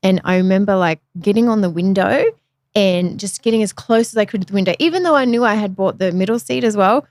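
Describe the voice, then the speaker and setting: A woman's voice: mid-range voice, quick pace, darkish tone, no echo, studio quality. A woman from Australia, hosting a podcast and telling her own story in a frank, chatty, self-deprecating way. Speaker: podcast host. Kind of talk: candid conversational storytelling.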